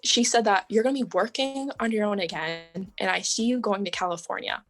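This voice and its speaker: A young woman talks as a podcast guest, chatting through her story in a loose, casual way. Her pitch sits in the ordinary middle range for a woman. She fills her speech with "like" and "um" and laughs lightly as she goes. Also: brisk, fairly bright tone, soft background music. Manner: chatty, lots of "like" and "um", laughs often.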